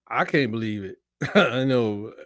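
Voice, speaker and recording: A man's voice: medium pitch, expressive, measured pace, no room sound, studio quality. A man co-hosting a casual sports debate, telling stories playfully and laughing often. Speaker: co-host, Alabama fan.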